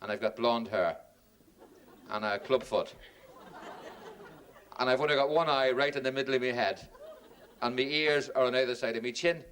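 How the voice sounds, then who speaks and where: A man's voice: mid-range voice, normal speed, long pauses, fairly bright tone, a little hiss or hum, natural voice. A male comedian voicing an apologetic, humble man who confesses things about himself in a letter. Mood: sheepish.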